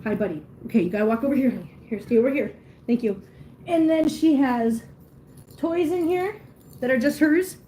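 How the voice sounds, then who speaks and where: A vlog host with a high-pitched yet dark-toned, expressive voice talks at a moderate pace during a casual livestream at home, chatting with viewers and cooing at her cats. She's in a room with litter boxes, and the phone recording is echoey with faint noise.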